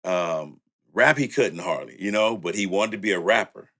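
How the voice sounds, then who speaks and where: Older male producer, low voice, easygoing storyteller with frequent laughs. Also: normal speed, a bit bright. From Louisiana and San Francisco. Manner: laid-back, laughs often, says "you know". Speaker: music producer and studio owner. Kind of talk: storytelling in casual conversation.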